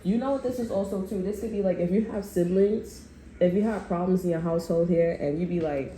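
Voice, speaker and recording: Speaking fairly quickly in a warm, medium-pitched tone, the reader does a casual tarot session for viewers. The delivery is slangy, profane and meandering, with frequent restarts. There's echo in the room and a bit of faint noise.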